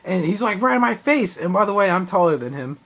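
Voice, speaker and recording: A young man talks through a live event he went to in a loose, rambling way. He gets excitable, stacks up fillers and slips into acted-out quotes as he goes. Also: sits high, quick pace. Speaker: vlogger. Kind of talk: casual recap of a live event.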